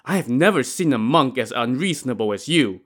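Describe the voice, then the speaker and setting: A flustered village tavern keeper, read by a male storyteller, trying to calm a difficult customer. He speaks in a plain, everyday voice with a placating manner. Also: medium pitch, fairly quick, breathy edge.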